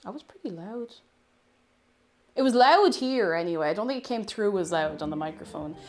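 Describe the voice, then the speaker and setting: A woman's voice: mid-range voice, animated, moderate pace. A woman with an Irish accent casually chatting with her livestream viewers while baking, playfully greeting them by name. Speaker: livestream host.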